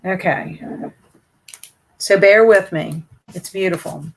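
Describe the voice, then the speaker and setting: A woman's voice: lowish voice, takes it slowly, gravelly. A woman hosting a book livestream, chatting casually and reading out viewer comments, with a chatty, hesitant manner full of fillers and restarts. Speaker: booktube host reading live chat.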